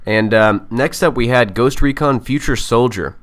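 A man's voice: mid-range voice, normal speed, fairly bright tone. A young man giving a casual, enthusiastic and rambling recap of game news, often unsure of the details. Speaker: gaming vlogger.

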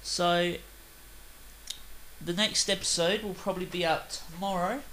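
A young Australian man rambling through casual game commentary, chatty, with sudden loud excited outbursts. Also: sits high, unhurried, slight background noise, low-quality recording. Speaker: gaming video host.

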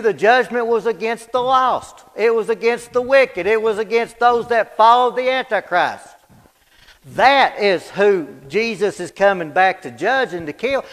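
High-voiced, fervent preacher in an echoing church hall. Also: male voice. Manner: emphatic and repetitive, swinging from loud declarations to low, quiet asides; folksy, plain-spoken. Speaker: Bible study preacher. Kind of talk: fervent Bible study sermon.

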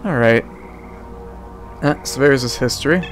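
A man's voice: medium pitch, measured pace, faint music behind. A young man casually commenting while he plays a video game, rambling and joking, talking back to the characters on screen. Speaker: let's play host.

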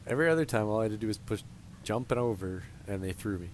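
A man's voice: fairly low pitch, lively intonation, quick pace, very noisy. A man giving casual let's play commentary on a headset, thinking aloud and chatting to the characters on screen. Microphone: gaming headset.

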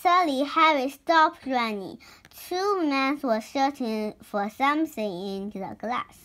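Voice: high voice, lively intonation, slow, sharp tone. A child reading a storybook aloud, word by word, with small slips. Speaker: reader.

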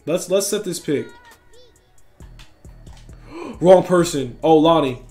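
A young man giving excited, trash-talking commentary over his own basketball video game play. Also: a little high, slow, pauses often, faint music behind. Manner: hyped, trash-talking, reacts loudly to every play. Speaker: gaming YouTuber.

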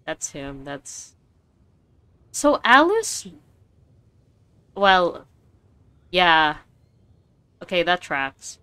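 Bright, excitable young woman streamer. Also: on the low side, very slow, pauses often, clean tone, no room sound. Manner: excitable, swearing, laughing reactions. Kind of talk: casual gameplay commentary.

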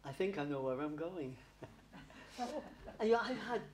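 A man's voice: fairly high pitch, lively intonation, unhurried, a little mellow, a little hiss or hum. A man working as a medium at a spiritualist church service, chatty and affectionate, laughing often and calling listeners darling. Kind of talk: spiritualist church platform reading.

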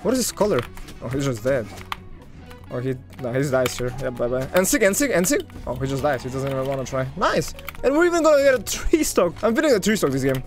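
A man giving excitable live commentary over his own gameplay, talking to his viewers and swinging from loud hype to low muttering. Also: fast talker, faint music behind. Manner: talks to viewers as "guys". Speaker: gaming video creator.

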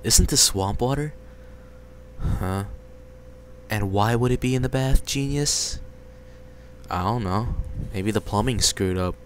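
A man voicing a brash, foul-mouthed young woman college student in his own plain, slow-paced voice while reading game dialogue. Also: lowish voice, slight background noise, poor audio. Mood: grumbling. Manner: blunt, swears casually.

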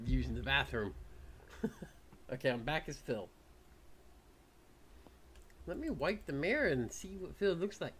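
A man narrates his own horror game playthrough with a slow, drawn-out delivery. His voice leaps all over the place as he swears, laughs nervously and yelps at scares. A faint hiss sits under the recording. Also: fairly high pitch, lively intonation. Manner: jumpy, swearing, nervous laughter, loud startled outbursts. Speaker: gaming YouTuber. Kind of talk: horror game let's play commentary.

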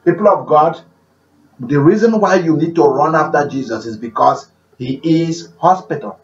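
A man preaching a sermon, repeating phrases and swinging between loud declarations and hushed prayer. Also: a little high, moderate pace. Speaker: pastor. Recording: roomy, distant, dull-sounding recording.

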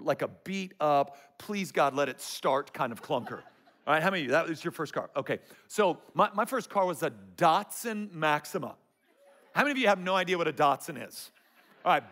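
A man's voice: mid-range voice, fairly bright tone. A man preaching a sermon as pastor, telling stories to the congregation with playful humor.

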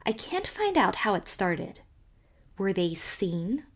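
A woman voicing a sharp-tongued spinster neighbor who relishes scandal and speaks emphatically. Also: mid-range voice, big pitch swings, slow, exaggerated voice. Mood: scandalized.

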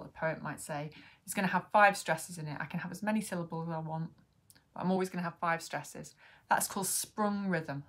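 A woman teaches beginners about poetry in a friendly, explanatory way, pausing on frequent ums. Her voice sits a little low for a woman. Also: a bit bright. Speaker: poet and workshop host. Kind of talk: online poetry lesson to camera.

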